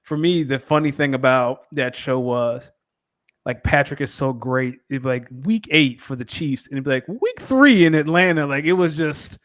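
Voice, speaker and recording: A man's voice: on the high side, moderate pace. A man co-hosting a casual sports podcast, talking in a laid-back, teasing way. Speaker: podcast co-host.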